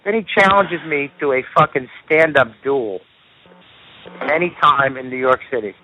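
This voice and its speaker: A man's voice: mid-range voice, moderate pace, bright, forceful tone, poor audio. A male stand-up comedian ranting heatedly on a call, swearing constantly. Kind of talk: profane phone chat.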